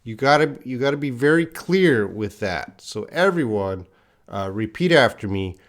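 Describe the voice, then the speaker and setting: A man's voice: medium pitch, animated, moderate pace, a bit bright. A man teaching an English lesson on a live stream, drilling words for students to repeat and chatting with viewers in the chat. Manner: chats with viewers, reading the live chat aloud.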